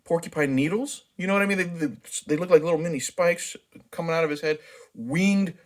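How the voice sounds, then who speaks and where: A man's voice: on the high side, fairly quick. A man casually reviewing a movie, talking frankly and chatting loosely with plenty of restarts. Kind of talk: casual spoken film review.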